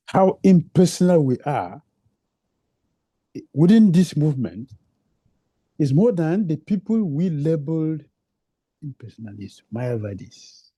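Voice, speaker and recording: A man's voice: on the high side, warm tone, breathy edge, no echo. A man giving a devotional lecture, repeating phrases for emphasis and asking rhetorical questions, in non-native English phrasing. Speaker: preacher.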